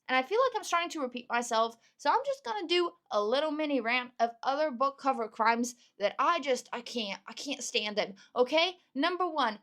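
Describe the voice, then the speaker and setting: A woman's voice: high voice, fairly bright tone. A young woman hosting a solo podcast, ranting in an opinionated, exasperated way while she is losing her voice. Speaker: podcast host.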